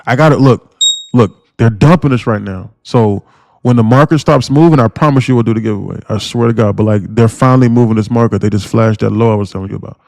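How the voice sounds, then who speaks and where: Gravelly man calling trades live. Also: lowish voice, fast talker, no echo, studio quality. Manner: animated, repetitive and emphatic, with frequent restarts. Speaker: day trader streaming live. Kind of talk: live trading commentary.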